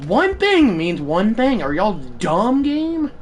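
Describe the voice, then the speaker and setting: Lively, excitable baseball game streamer. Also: medium pitch, slow, slight background noise. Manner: frustrated, excitable, bursts into shouting; talks back to the game. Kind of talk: live gameplay commentary.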